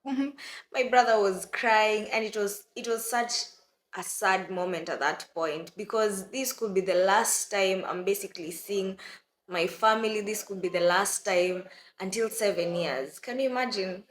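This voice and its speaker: A woman's voice: mid-range voice, moderate pace, slight background noise. A young woman from Kenya, chatting to her viewers as she tells a story in a vlog. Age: young adult. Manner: chatty, addresses viewers as guys. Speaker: vlogger. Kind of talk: storytelling to camera. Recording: roomy echo.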